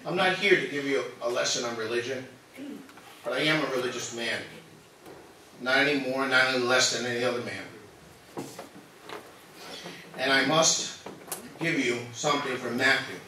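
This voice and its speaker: A man's voice: mid-range voice, normal speed, pauses often, bright, forceful tone, a little hiss or hum. A man giving a formal, earnest public statement at a meeting, nervous and emotional as he defends himself. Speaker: resident speaking at public comment. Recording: echoey hall from far off.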